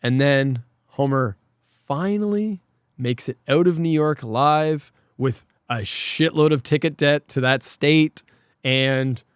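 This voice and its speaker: A man's voice: a little high, takes it slowly, clear, resonant tone, no echo, studio quality. A man co-hosting a podcast, retelling a cartoon episode in casual chat, acting out lines and sound effects and swearing freely. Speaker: podcast co-host.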